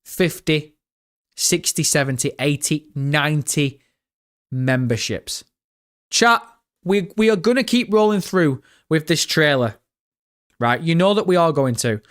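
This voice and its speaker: A young British man live-streaming, chatting excitedly with his viewers and swearing freely. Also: on the high side, a little slow. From Britain. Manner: excitable, swears often, chats directly to viewers. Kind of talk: casual live-stream chat.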